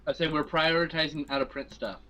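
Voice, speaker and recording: A man's voice: fairly high pitch, a little fast, sharp tone, rough recording. A man co-hosting a casual chat stream, blunt and profane. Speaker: co-host.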